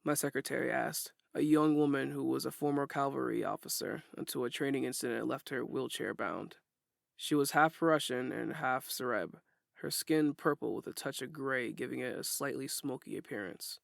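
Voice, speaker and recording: A man narrating a first-person audiobook in a steady, plain storytelling way. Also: mid-range voice, moderate pace, vocal fry, no echo, clean studio sound.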